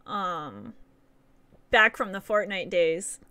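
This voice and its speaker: A woman's voice: lowish voice, very animated, slow pace, sharp tone, clean tone, dry recording. A woman streaming a game live, chatting casually and giggling with her viewers.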